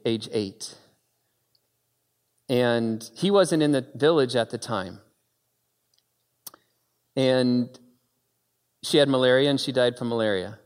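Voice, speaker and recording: Man preaching in an echoing hall. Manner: swings from quiet storytelling to loud, high-pitched exclaiming. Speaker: pastor. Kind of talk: sermon.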